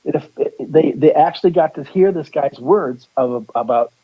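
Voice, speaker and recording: Guesting on a radio show as a psychic, a man with a slightly high, husky voice tells a rambling story at a moderate pace, restarting sentences and acting out the characters' lines. The audio sounds dull.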